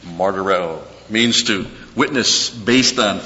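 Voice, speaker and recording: A man preaching a verse-by-verse sermon, repeating key words slowly for emphasis. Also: sits low, sharp tone. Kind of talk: expository sermon on scripture. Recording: dull echoey hall with faint hum.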